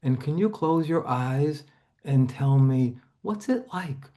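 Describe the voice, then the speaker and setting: A man teaching a seminar, gently guiding a volunteer through a body-focused therapy exercise over a video call, often dropping to a hush. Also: a little high, animated, slow.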